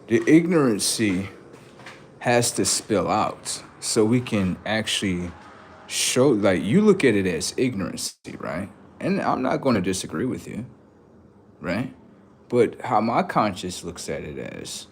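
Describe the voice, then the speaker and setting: A man's voice: lowish voice, slight background noise. Preachy rambling man on a livestream. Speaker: livestream host. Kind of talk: unscripted livestream monologue.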